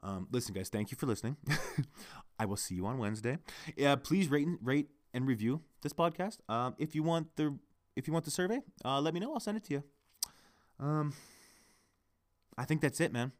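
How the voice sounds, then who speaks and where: A man's voice: medium pitch, expressive, normal speed, long pauses. A man hosting a solo podcast, ranting heatedly and swearing constantly into his microphone. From Canada. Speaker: podcast host.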